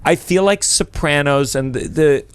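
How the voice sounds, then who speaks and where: A man's voice: on the high side, a little slow, clear, resonant tone, no echo. A man hosting a comedy podcast, asking joking questions in a casual chat.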